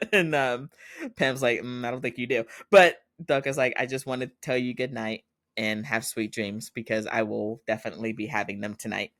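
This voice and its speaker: A man hosts a podcast and recaps a drama in a loose, chatty way. His voice sits at a middle pitch. He acts out the characters' lines with animation as he tells the story. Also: normal speed. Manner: animated retelling, acting out quoted lines and laughing often. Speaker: podcast host. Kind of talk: casual recap of a TV episode.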